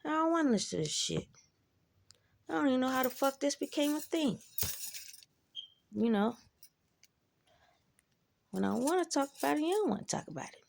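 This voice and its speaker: A woman's voice: high-pitched, very animated, normal speed, gravelly, long pauses. A woman in a casual monologue, talking bluntly and with plenty of profanity as she reflects on her own life. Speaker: vlogger.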